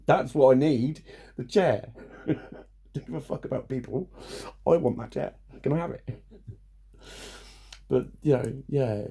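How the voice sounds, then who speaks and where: A man's voice: medium pitch, big pitch swings, unhurried, gravelly, pauses often, mellow, slightly rough. A man venting bluntly in a casual vlog, swearing freely and laughing between points. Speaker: vlogger. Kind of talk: casual rant to camera.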